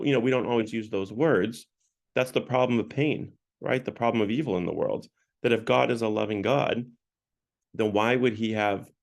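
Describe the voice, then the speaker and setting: A man's voice: lowish voice, vocal fry. A man leading a parish Lent book talk, retelling scenes in a conversational way with frequent restarts. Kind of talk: casual retelling and teaching talk.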